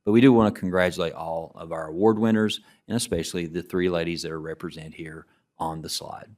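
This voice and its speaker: A middle-aged man with a notably low voice gives presentation remarks as an education commissioner. He talks in a relaxed, anecdotal way, restarting phrases as he goes. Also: brisk. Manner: relaxed storytelling, frequent restarts. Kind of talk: presentation remarks to a student council.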